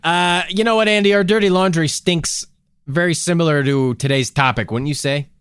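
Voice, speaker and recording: A man's voice: on the high side, moderate pace, fairly bright tone, clear, resonant tone, no room sound, clean studio sound. A man co-hosting a comedy podcast, rambling playfully with lots of ums and uhs. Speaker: podcast co-host. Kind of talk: casual podcast chat.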